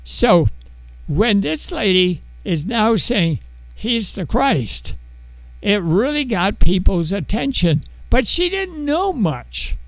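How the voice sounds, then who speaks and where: Animated male preacher, high and lively. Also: slow pace, gravelly, dry recording, low-quality recording. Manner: animated storytelling, acts out biblical characters. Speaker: pastor. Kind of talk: sermon.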